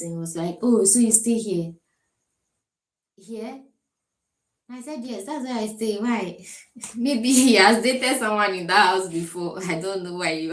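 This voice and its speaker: A young Ghanaian woman with a Ghanaian accent, telling stories to camera in a chatty, animated way and laughing between remarks. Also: medium pitch. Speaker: vlogger. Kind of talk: casual storytelling to camera. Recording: echoey room.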